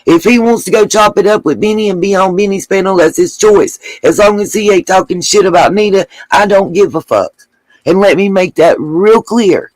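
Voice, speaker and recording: A woman's voice: medium pitch, moderate pace, no echo, poor audio. A middle-aged woman hosts her own live stream, speaking bluntly and heatedly with plenty of profanity. Her voice sits close and dry, with no room sound around it. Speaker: livestream host.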